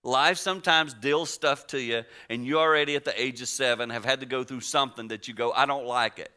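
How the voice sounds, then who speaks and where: Bright-voiced man in his sixties preaching. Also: mid-range voice, brisk, clean tone. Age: 60s. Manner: conversational, swinging between hushed and emphatic. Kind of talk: storytelling sermon.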